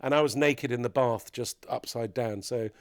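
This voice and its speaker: A man's voice: medium pitch, moderate pace, no echo, studio quality. A middle-aged man, a podcast guest, telling mischievous stories in casual chat and laughing often.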